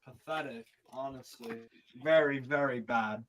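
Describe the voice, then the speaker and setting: A man's voice: sits high, moderate pace, bright, forceful tone, rough recording. A man hosting a live football watch-along, calling the game and scolding players. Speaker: host and live commentator.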